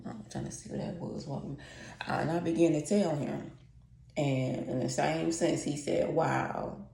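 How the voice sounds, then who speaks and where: Low, gravelly woman in her late forties. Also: mellow. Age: late 40s. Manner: blunt, profane and heartfelt, repeats herself. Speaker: vlogger. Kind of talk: candid storytime monologue. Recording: echoey room.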